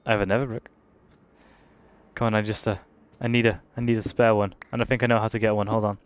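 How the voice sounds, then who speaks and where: A young British man commenting casually on a game he is playing, swearing and reacting loudly to what happens on screen. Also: fairly low pitch, flat delivery, quick pace, clean tone. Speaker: streamer.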